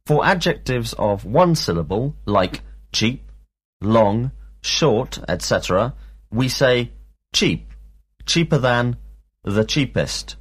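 Guy teaching a drill lesson, slow and careful, husky voice, lots of rise and fall. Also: medium pitch, lively intonation. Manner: slow, deliberate, enunciating each word. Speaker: language teacher.

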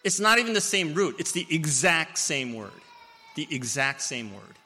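A man preaching a sermon, telling stories with playful asides and swinging between loud and hushed. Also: a little high, moderate pace, long reverb tail. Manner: storytelling, animated, with playful asides.

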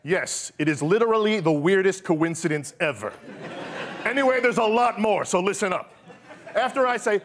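A man, a cameraman on a talk show, doing a comedy bit in a deadpan yet eager way while giving bossy instructions. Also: high voice, brisk. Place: TV studio stage. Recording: live studio audience behind.

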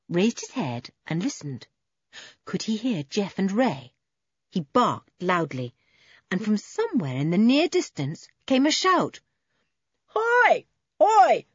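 A woman reading a children's adventure story aloud with expressive narration. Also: on the low side, measured pace, breathy edge, dry recording, muffled recording.

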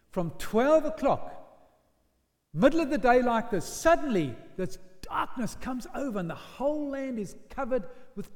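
A male preacher tells his sermon like a story, his voice sitting high and leaping around in pitch. He sinks to hushed lines and then bursts into loud shouted quotes. The sound carries the long reverb of a church hall.

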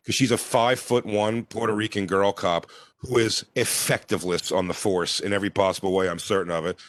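A man chatting on a podcast in a profane, animated way, rattling off his story at high speed. His voice sounds dry and close. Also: fast talker, dry recording. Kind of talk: casual chat.

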